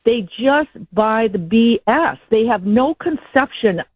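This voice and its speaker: A woman's voice: a little high, expressive, slow pace, husky, dry recording. A woman caller heard over a tinny phone line, speaking in a middling voice. She rambles and sounds frustrated and indignant. Her sound is dry, with no room around it. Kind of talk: call-in talk radio.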